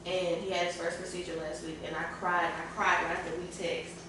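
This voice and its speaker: Woman guest, emotional and candid, sitting back from the mic in a roomy space with steady background noise. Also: fairly low pitch, a little fast. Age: adult parent. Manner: candid, tearful at times, colloquial. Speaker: podcast panel guest. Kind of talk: emotional casual panel talk. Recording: echoey room, far from the mic, clear room noise.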